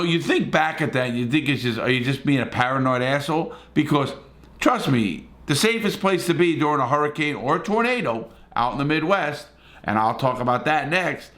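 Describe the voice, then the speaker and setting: A man's voice: on the high side, a bit bright. A middle-aged man from New City, telling stories in a blunt, profane, rambling way full of restarts. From New York City. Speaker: host, former prisoner. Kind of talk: casual storytelling.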